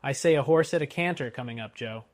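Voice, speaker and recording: A man voicing an irritable stagecoach driver who curses and yells at his horses. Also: medium pitch, quick pace, no echo, clean studio sound, lightly acted. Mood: wary. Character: vexed, cursing old-time stagecoach driver.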